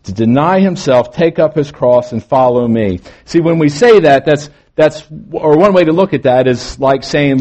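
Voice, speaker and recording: Preaching a morning sermon, this man's voice sits on the high side. His delivery alternates between forceful statements and quiet, lingering phrases, marking him as a pastor.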